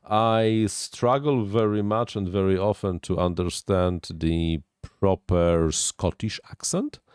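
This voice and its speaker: Low-voiced, unhurried man explaining tech. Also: fairly even intonation, darkish tone, smooth, no echo, studio quality. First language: not English. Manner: halting technical explanation. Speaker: host answering viewer questions. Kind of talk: casual live-stream chat.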